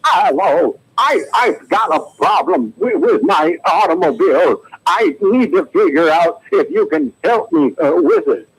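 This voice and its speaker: Guy doing a shaky high old-movie lady on the phone, stammers and trails off, husky. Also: sing-song, heavily acted, low-quality recording. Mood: flustered. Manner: quavering, halting, repeats words.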